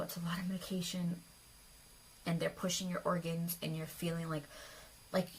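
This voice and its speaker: A young woman vlogger telling a personal story to her viewers in a confiding, emotional way, often dropping to soft near-whispers. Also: lowish voice, creaky, slight background noise, poor audio.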